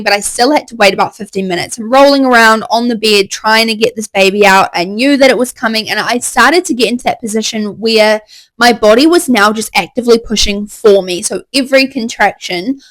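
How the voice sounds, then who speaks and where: A young woman excitedly telling a candid story in a casual, chatty way. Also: a little high, no echo, low-quality recording. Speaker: vlogger.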